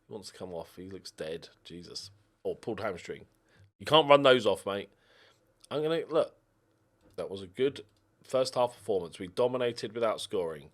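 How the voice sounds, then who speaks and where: Here an animated gaming YouTuber with a fairly low voice keeps a moderate pace through casual let's-play commentary. He talks to the players on screen, and frustration draws yelps from him.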